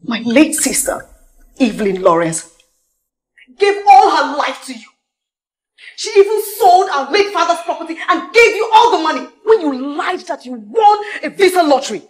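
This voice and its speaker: A woman's voice: sits high, sing-song, normal speed, reverberant. An actress playing a grim young woman with a Nigerian accent, cutting and accusing as she confronts a liar. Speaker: sister avenging her late sister.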